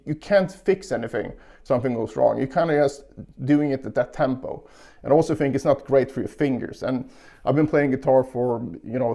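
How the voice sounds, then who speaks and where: A man with a medium-pitched, gravelly voice gives a casual guitar lesson. He calmly explains technique and counts beats aloud while guitar plays behind him.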